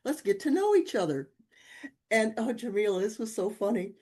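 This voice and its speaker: A woman's voice: moderate pace, slightly rough. An older woman, a guest on a talk show, telling personal stories in casual chat, acting out the voices of people in them and laughing often. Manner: animated, acts out dialogue with big pitch jumps, laughs often. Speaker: podcast guest, author.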